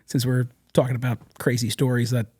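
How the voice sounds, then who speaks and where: A man telling rambling, animated anecdotes as a podcast guest, with many fillers and restarts. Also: mid-range voice, fairly quick, slightly rough. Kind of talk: casual storytelling. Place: podcast studio.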